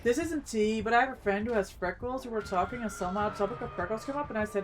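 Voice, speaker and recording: A woman's voice: on the high side, quick pace, few pauses, background noise. A woman streamer chatting casually with viewers while gaming, reacting to the play and greeting chat, eating as she talks.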